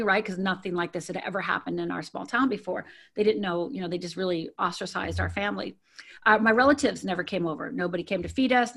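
A woman's voice: medium pitch, a bit bright. Candid woman telling her life story. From Upper Peninsula of Michigan. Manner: earnest, candid, many fillers and repeats. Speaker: guest. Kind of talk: personal storytelling.

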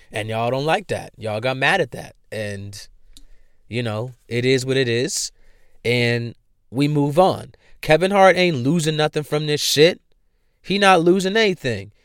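Fired-up man ranting, smooth voice. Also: fairly high pitch, no echo, studio quality. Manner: profane, heated, repeats himself for emphasis. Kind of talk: ranting commentary.

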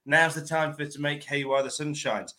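A man's voice: on the high side, fairly even intonation, brisk, bright, forceful tone, rough recording. A man co-hosting a casual property-industry chat, teasing his co-host and offering opinions.

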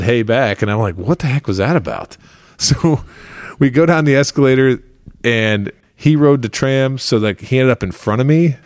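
A man hosting a podcast who tells a rambling, animated story, full of fillers, in casual chat. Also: on the low side, dry recording, studio quality. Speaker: podcast host.

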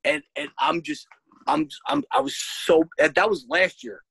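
A woman's voice: low voice, big pitch swings, measured pace, gravelly, fairly bright tone, slightly rough, no echo, poor audio. A woman co-hosting a casual chat, ranting in exasperation with lots of swearing and bursts of laughter. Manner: rises to shrieking when worked up.

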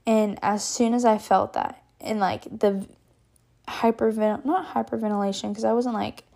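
A young woman from Texas telling a personal story on her podcast in a chatty, animated way, full of fillers and little laughs. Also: medium pitch, normal speed, creaky. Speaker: podcast host. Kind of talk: casual storytelling.

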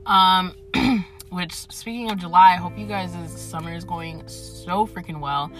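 Bright-voiced young woman chatting from her car. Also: lowish voice, measured pace, soft background music. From Atlanta, United States. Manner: chatty, swears freely, laughs often. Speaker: podcast host. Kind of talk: casual chat. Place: parked car in a parking garage.

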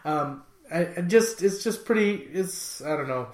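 Relaxed male co-host, echoey room. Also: fairly high pitch, unhurried. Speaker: podcast co-host. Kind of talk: casual chat reviewing music videos.

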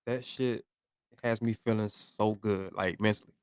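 A young man co-hosting a podcast, relaxed and a little tired, talking in casual slang with lots of fillers. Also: lowish voice, a little slow, smooth, no room sound, studio quality. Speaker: podcast co-host. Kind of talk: casual chat.

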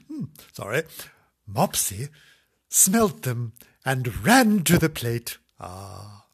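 A man's voice: medium pitch, huge pitch swings, very slow, creaky, pauses often, slightly rough. A man reading a children's storybook aloud in a camp, theatrical way, breaking off into comic asides and sorry-children apologies. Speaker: comic reader.

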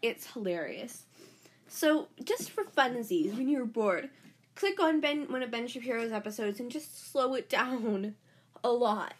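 A woman's voice: fairly high pitch, animated, measured pace, slight background noise. A woman hosting her own podcast, talking in a chatty valley-girl way full of "like". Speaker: podcast host. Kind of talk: casual podcast monologue.

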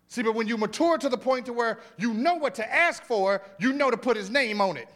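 A man preaching a sermon as pastor in a church, animated, with repeated words, exclamations and casual asides to the congregation. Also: high voice, normal speed. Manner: informal, conversational asides to the congregation. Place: church sanctuary.

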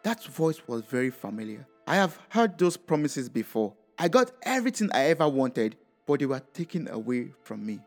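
A man's voice: mid-range voice, big pitch swings, moderate pace, hardly any pauses, soft background music. A man narrating a dramatic first-person story in a reflective tone.

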